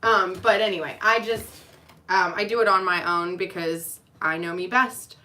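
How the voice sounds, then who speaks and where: A young woman talks straight to her friends and family in a personal vlog, open and emotional, drifting between thoughts with plenty of ums. Her voice is bright and clear, sitting at a middle pitch. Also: steady tone, normal speed. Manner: candid, rambling, emotional, frequent um fillers. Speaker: nurse.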